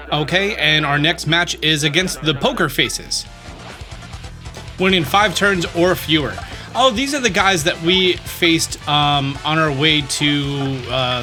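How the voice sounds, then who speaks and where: A man's voice: on the high side, pushed and bright. A man giving chatty, upbeat walkthrough commentary at home, often reading game text aloud. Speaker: gaming YouTuber.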